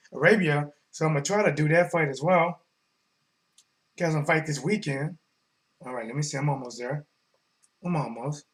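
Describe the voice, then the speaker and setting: High-voiced male stream host, hyped slangy sports commentary with loud-soft swings. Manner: animated, slangy, swings between mumbling and shouting. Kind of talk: casual live-stream commentary.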